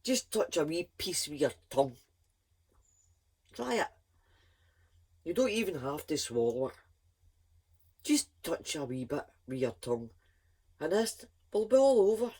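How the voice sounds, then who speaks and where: A woman voicing a mother who pleads with her stubborn son, begging and gentle. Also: sits low, very animated, a little slow, long pauses, breathy edge, heavily acted. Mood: pleading. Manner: begging, then sweet and gentle.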